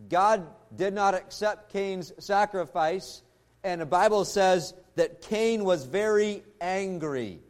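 High-voiced man preaching a sermon. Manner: earnest preaching, slows and drops low for emphasis. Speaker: pastor.

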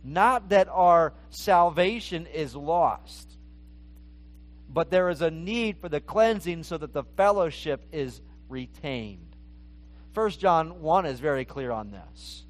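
High-voiced male preacher teaching scripture. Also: lively intonation, slow pace. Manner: earnest, repeats words as he restarts phrases. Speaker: pastor. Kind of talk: expository sermon.

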